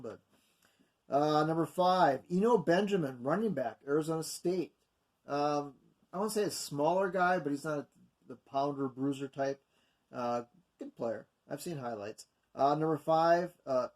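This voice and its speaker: In casual, unscripted commentary, a video host rambles through mock draft picks from his notes, correcting himself and using many fillers. His voice is a little high with a darkish tone.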